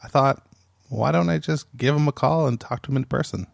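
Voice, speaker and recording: A man's voice: medium pitch, a little fast, gravelly, dry recording, clean studio sound. A man hosting his own podcast, talking casually and off the cuff, often laughing and restarting his phrases. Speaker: podcast host.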